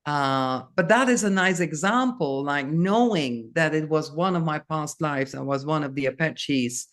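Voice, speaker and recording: An older woman, a guest in a casual interview, speaking slowly and haltingly with many restarts. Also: low voice.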